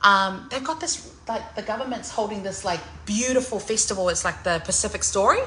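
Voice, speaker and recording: A woman, chatting excitedly in a salon vlog, loud, laughing and swearing freely. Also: mid-range voice, fairly quick, slight background noise, poor audio. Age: 40s. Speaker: singer.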